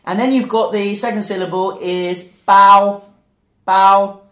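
A man's voice: high-pitched, fairly even intonation, normal speed, pushed and bright, roomy sound. A man hosting a casual podcast, joking and explaining phrases word by word. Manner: playful, punning, explains word by word. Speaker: podcast host. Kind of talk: casual chat and phrase teaching.

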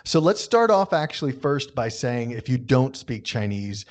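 Male co-host, mid-pitch, friendly explainer with self-mocking humor. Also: very animated, normal speed. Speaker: podcast co-host teaching Chinese. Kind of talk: casual chat.

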